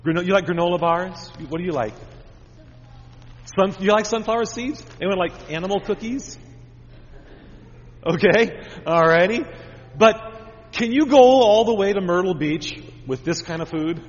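A man's voice: high-pitched, animated, normal speed, long pauses. Man preaching to children in a reverberant church. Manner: asks children many simple questions. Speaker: pastor. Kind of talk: children's sermon. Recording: dull recording with long church reverb.

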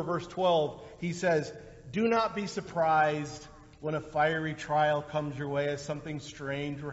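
A male pastor preaching a sermon in a conversational way, with lively bursts when he acts out quotes. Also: a little high, slight background noise. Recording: dull lo-fi sound with long hall reverb.

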